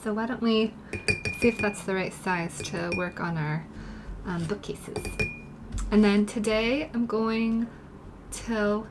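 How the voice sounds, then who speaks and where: A woman artist chatting softly to her live-stream viewers while she paints in her studio, turning gushing and grateful when they praise her work. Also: mid-range voice, fairly even intonation, slow, pauses often, background noise. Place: home art studio.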